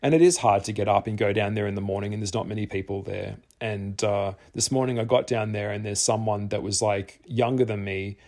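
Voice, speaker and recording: Low-voiced earnest Australian man. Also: a little fast, few pauses, darkish tone. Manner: earnest, rambling, repeats phrases for emphasis. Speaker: tarot artist and vlogger. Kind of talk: candid monologue to camera.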